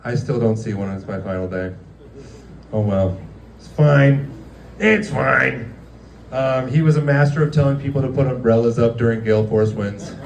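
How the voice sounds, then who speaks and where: At a guerrilla comedy show, a man with a mid-range, mellow voice does stand-up, rambling through stories full of fillers and acted-out quotes. He talks a little fast, and the recording is echoey and distant with slight background noise.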